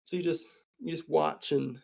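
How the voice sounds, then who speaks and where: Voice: mid-range voice, steady tone, moderate pace, vocal fry, a little mellow. A game master narrating a tabletop game, improvising with frequent fillers.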